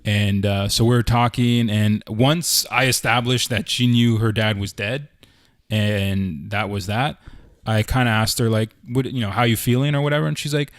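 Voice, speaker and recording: Speaking at a normal speed with a fairly low pitch and steady tone, a male co-host from Canada loosely recounts a story on a casual podcast, peppering it with "like" and "I'm like." The sound is clean studio audio without room sound.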